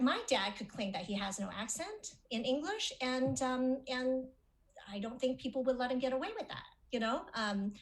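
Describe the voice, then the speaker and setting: A middle-aged woman with a slightly high voice gives an academic lecture over a webinar, and the audio quality is poor. She presents on speech-language pathology, explaining each point and checking in with her audience by asking "okay?" and "right?"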